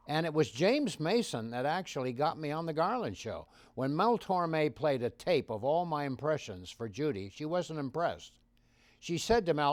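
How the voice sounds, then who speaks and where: Older man telling lively showbiz stories. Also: fairly high pitch, no echo. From Canada. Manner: animated storyteller, swings loud and soft. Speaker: impressionist guest. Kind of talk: anecdotal interview storytelling.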